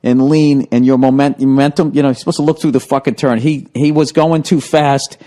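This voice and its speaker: A man's voice: mid-range voice, steady tone, a little fast, mellow. A man hosting a podcast, telling a story in casual chat, swearing a lot and laughing through it. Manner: profane, laughs through his own story. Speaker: podcast host.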